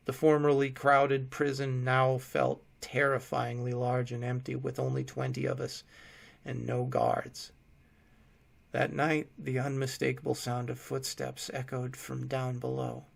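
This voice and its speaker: A man narrates a horror story in a measured, grim tone. His voice sits at an ordinary middle pitch. It has a gravelly, creaky texture, and he keeps the delivery steady.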